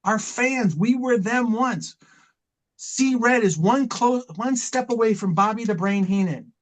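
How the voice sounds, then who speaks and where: This middle-aged wrestling manager speaks a little slowly in a high-pitched voice, caught on a rough recording. Interviewed, he launches into long, fervent stories, rambling and saying things more than once.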